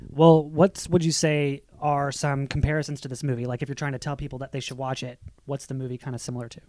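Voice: mid-range voice, little pitch movement, fast, a little mellow, no echo. A talk show co-host asking the guests questions in a loose, casual way, full of "like". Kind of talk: casual chat.

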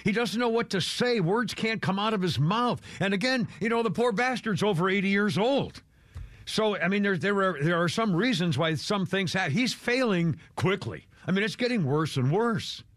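An older man with a higher-pitched voice hosts a talk radio show. He rambles in a folksy way, with chuckles and filler, into a dry close mic. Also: expressive, moderate pace, a bit bright, no echo. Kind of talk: casual opinionated talk radio.

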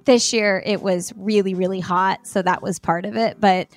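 An American woman chats easily as a podcast guest, her voice in a middling pitch. She laughs often and fills her sentences with "like" and "um". Faint music sits behind her. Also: fairly even intonation, normal speed. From United States. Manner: chatty, laughs often, many fillers like "like". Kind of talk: casual interview chat.

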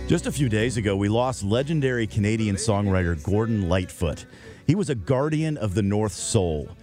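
A man's voice: on the low side, animated, darkish tone, faint music behind. A middle-aged man hosting a scripted radio segment, reflective and lyrical in manner. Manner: wistful, measured, lyrical. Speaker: host.

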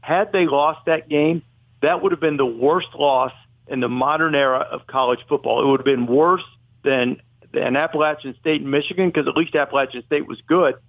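This man's voice sits a little high and moves at normal speed, recorded dry but sounding thin, like a phone line. As a podcast guest in a casual sports debate about college football, he rambles, corrects himself, and states strong opinions.

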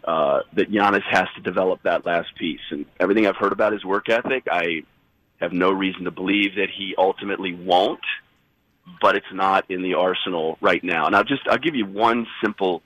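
A man's voice: deep voice, a little fast, fairly bright tone, no echo, rough recording. A man fighting a cold, talking basketball as an insider guest on sports radio, rambling and correcting himself as he goes. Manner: rambling, self-correcting, emphatic. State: fighting a cold, husky sick voice. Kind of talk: sports radio analysis by phone.

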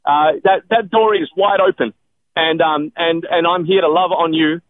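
A man, a guest on a call-in radio show, speaking earnestly with many halting restarts. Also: fairly high pitch, fairly even intonation, phone-quality sound, a little hiss or hum. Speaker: radio guest answering callers.

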